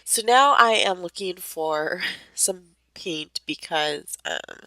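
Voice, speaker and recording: Gravelly young woman chatting casually. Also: fairly low pitch, expressive, slow pace, sharp tone, dry recording. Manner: rambling, many fillers, light laughs. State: voice a bit off from allergies. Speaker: crafter narrating her process video. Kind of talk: casual voice-over narration.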